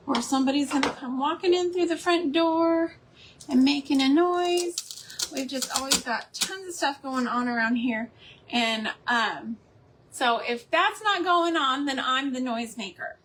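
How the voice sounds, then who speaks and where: A woman's voice: a little high, a bit bright, slight background noise. A woman hosting a live crafting stream from her home, chatting in a rambling way and laughing often. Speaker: craft livestream host. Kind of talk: casual chat while crafting live.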